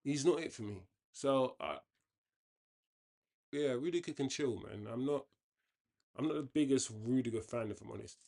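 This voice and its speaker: A man's voice: medium pitch, normal speed, creaky, long pauses, dark tone. A man hosting a football watchalong, talking casually and giving opinionated commentary with frequent restarts. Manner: chatty, opinionated, often restarts sentences. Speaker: watchalong host.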